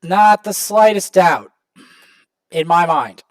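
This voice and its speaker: A man hosting a gaming channel, casually commenting to viewers as he opens rewards, prone to excited outbursts. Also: sits high, slow pace, dry recording. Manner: excitable, talks to viewers while opening rewards.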